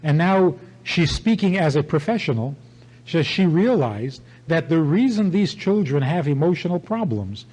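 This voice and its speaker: Older man, rabbi, sermon-style talk, emphatic, repeats himself, warm dark tone. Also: on the high side, big pitch swings, moderate pace, low-quality recording. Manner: emphatic storytelling with repeated phrases.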